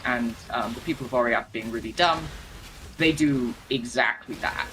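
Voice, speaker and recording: Guy rambling thru game lore, lots of um and like, bright voice, faint hum behind. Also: medium pitch, low-quality recording. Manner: rambling, filler-heavy, halting restarts. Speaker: gamer retelling game lore. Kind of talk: casual storytelling while playing.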